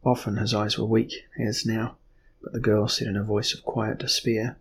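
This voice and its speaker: A man narrating a fantasy novel as an audiobook in a measured, even storytelling manner. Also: lowish voice, slight background noise.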